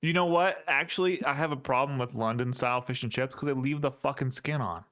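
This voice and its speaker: A man co-hosting a podcast in casual chat, teasing and pedantic, quick to needle the others. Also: medium pitch, fairly bright tone. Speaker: podcast co-host.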